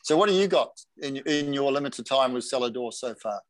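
A man's voice: medium pitch, fairly quick, no room sound, poor audio. Chatty male host. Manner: storytelling, animated quoting. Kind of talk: casual interview chat.

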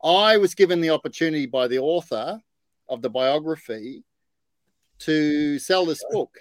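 A man's voice: a little high, animated, normal speed, dry recording. A man hosting a casual podcast chat, boisterous and enthusiastic. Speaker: podcast host.

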